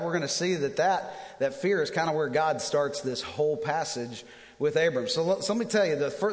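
A man in his thirties preaching a sermon, telling personal stories in an animated way with self-deprecating humor. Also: a little high. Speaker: pastor. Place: church auditorium. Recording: long hall reverb.

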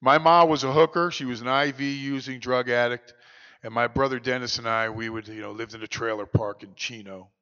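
A man's voice: mid-range voice, fairly even intonation, brisk, sharp tone, clear, resonant tone, close to an everyday voice. A man impersonating a blunt, unshockable older mentor. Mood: blunt, confiding. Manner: streetwise, plain-spoken, unshockable. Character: odd older male sober mentor, blunt. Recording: dull lo-fi recording, long hall reverb.

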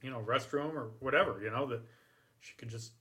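A man's voice: medium pitch, brisk, pushed and bright, slight background noise. A man speaking loosely in a casual podcast discussion, with many filler phrases.

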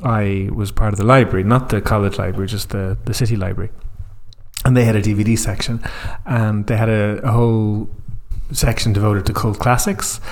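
A man's voice: on the low side, fairly even intonation, a little fast, darkish tone. A man co-hosting a casual film podcast, rambling with restarts and laughs. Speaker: podcast co-host.

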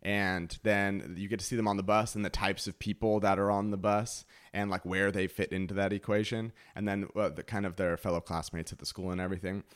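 A man's voice: deep voice, steady tone, fairly quick, hardly any pauses, smooth. A man co-hosting a podcast, talking in a thoughtful, analytical way with lots of fillers. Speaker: podcast co-host. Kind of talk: casual review chat.

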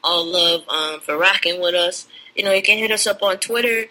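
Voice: mid-range voice, moderate pace, sharp tone, poor audio. A podcast co-host wrapping up a show in a laid-back way, reading out contact details. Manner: laid-back, reads contact info for the outro. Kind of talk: casual podcast chat.

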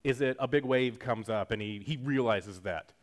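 A man's voice: medium pitch, moderate pace. A man preaching a sermon in a casual, jokey teaching style, acting out quotes as he goes. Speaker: pastor.

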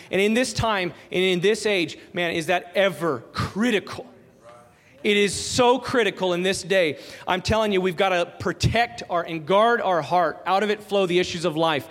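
Pastor, male, thirties, high voice, earnest emphatic sermon delivery, long hall reverb. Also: normal speed, fairly bright tone. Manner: earnest, emphatic preaching with repeated phrases.

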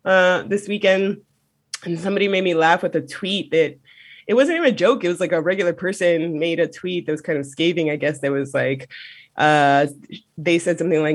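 Husky, animated podcast co-host. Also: male voice, fairly high pitch, brisk. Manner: animated, profane, laughs often. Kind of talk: casual podcast chat.

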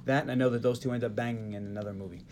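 A man in his forties from the Northeastern United States hosting a casual podcast, recapping a movie with quick asides and frequent laughs. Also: mid-range voice, steady tone, darkish tone, a little hiss or hum. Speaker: podcast host.

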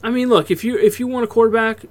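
This podcast co-host has a very high-pitched voice and talks fast on a casual sports show. He's relaxed and loose, swearing freely and breaking off into laughs.

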